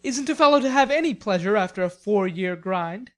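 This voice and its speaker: A woman reading an audiobook, voicing an idle, teasing young gentleman with drawling, mock-polite banter. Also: medium pitch, expressive, a little fast, close to an everyday voice. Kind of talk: audiobook character voice.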